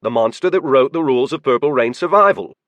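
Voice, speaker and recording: A man voicing an excitable young red-haired woman who exclaims breathlessly, in a dry audiobook read. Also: medium pitch, quick pace, no echo, close to an everyday voice. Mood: eager.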